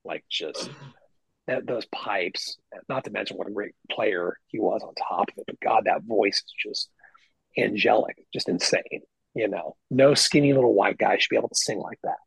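A middle-aged man, a guest guitarist, telling stories in casual podcast chat with lots of swearing and animated emphasis. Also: lowish voice, moderate pace, creaky, breathy edge, dry recording, poor audio. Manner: profane, animated storyteller. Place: lives in Nashville.

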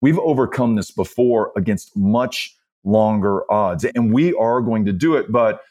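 Man from texas, guest on a podcast, lowish voice, earnest storyteller. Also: a little mellow. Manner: earnest storytelling, measured and impassioned. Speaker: guest, political candidate. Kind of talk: conversational interview.

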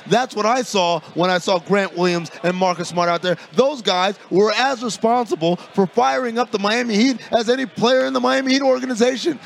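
A man's voice: high voice, normal speed, gravelly, few pauses. A man co-hosting a sports podcast, debating in a playful, mock-confident way. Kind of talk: casual sports debate chat.

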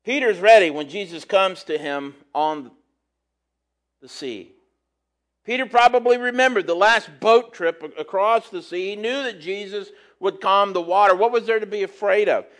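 High-voiced man preaching casually. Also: moderate pace. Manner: relaxed, chatty asides between readings. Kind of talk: conversational sermon with scripture reading.

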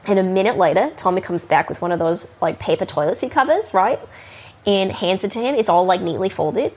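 Animated and fairly quick, a woman recounts a rambling, off-color tale from a bar, her speech full of fillers. Her medium-pitched voice is a little mellow and slightly rough, with an accent mixing New Zealand and Northern California.

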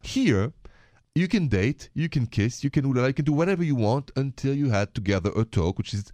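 A man's voice: medium pitch, expressive, fairly quick, warm tone, dry recording. A middle-aged man with a French accent hosts a dating-advice radio show, chatty and playful as he confides in his listeners. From France. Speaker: radio host.

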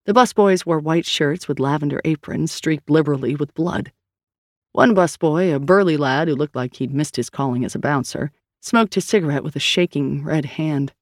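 Audiobook narrator, woman, steady even read; dry close mic. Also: low voice, normal speed, no echo. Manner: steady storytelling reading. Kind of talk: scripted narration.

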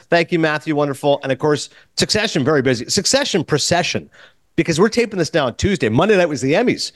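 A man hosting a podcast, telling stories in a lively, casual way and acting out conversations. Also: on the high side, fast talker, no echo, clean studio sound. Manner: animated storyteller, acts out quoted exchanges. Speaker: podcast host.

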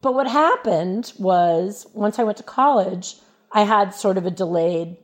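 A woman's voice: mid-range voice, animated, a little slow. A woman from Louisiana speaking as a podcast guest in casual chat, telling personal stories frankly and laughing along the way.

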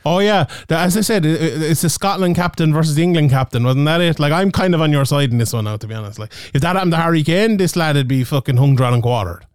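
Smooth, dry-voiced man in blunt podcast banter. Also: a little high, quick pace, few pauses, dry recording. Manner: swears freely, blunt and jokey. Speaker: podcast co-host. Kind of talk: casual podcast chat.

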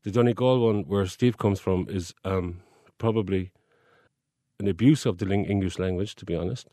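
A man's voice: sits low, moderate pace, warm tone, dry recording. A man from Cork with a Cork Irish accent, a guest in a casual chat, with a dry teasing humor. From Ireland, Cork.

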